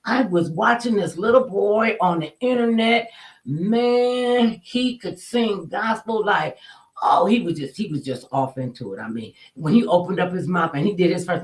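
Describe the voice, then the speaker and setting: Woman storyteller, casual and colloquial, animated, acts out her quotes. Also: lowish voice, normal speed, low-quality recording.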